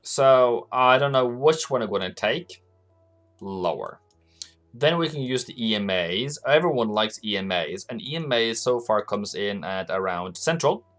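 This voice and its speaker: A man hosts a casual live trading stream. His pitch swings up and down in an animated way as he greets viewers, chuckles and talks through charts. Soft music plays faintly behind him. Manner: chatty, greets viewers, laughs often, trails off. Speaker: forex trading livestream host.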